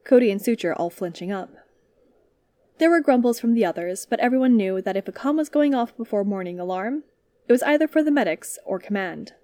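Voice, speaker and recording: A woman reading fan fiction aloud as a podfic reader, in a calm, even storytelling manner. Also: on the high side, a little fast, no echo.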